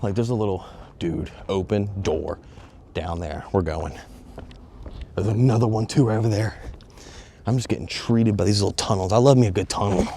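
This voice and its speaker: Young dude vlogging into his phone on a stick, real low voice, hyped and joking, kinda out of breath. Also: normal speed, vocal fry, long pauses, slight background noise. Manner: excitable and joking, swears, talks straight to viewers. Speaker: travel vlogger. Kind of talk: casual walking vlog talk. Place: outdoors and in stone tunnels of a sea fortress. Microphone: phone on a selfie stick.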